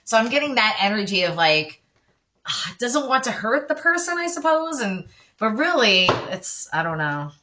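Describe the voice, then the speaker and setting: A woman's voice: fairly high pitch, big pitch swings, moderate pace, pushed and bright, slight background noise. A woman doing a casual tarot reading for her viewers, chatty and reassuring, breaking off often for apologetic asides. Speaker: tarot card reader.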